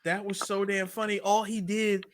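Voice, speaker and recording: A man co-hosting a casual movie podcast, retelling scenes in an animated way and acting them out. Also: sits high, moderate pace, a loud crowd. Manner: animated storyteller who acts out scenes. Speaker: podcast co-host. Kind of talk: casual movie-review chat.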